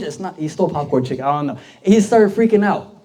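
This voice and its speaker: A young man, a deacon, tells stories in a youth sermon, loose and conversational and full of "like." His voice sits a bit high but sounds dark and mellow. He checks in with the group and asks them questions as he goes. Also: lively intonation, a little fast. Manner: conversational, lots of "like" fillers, asks the audience questions. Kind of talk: casual storytelling sermon.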